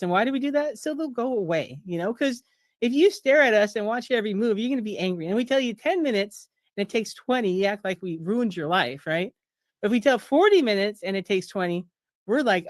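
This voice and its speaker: Woman, 50s, mid-pitched pharmacist speaker: casual, wry, sarcastic, acts out quotes, dry close mic. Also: no room sound. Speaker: pharmacist and author giving a slide talk. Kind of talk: casual presentation over slides at a streamed fundraiser.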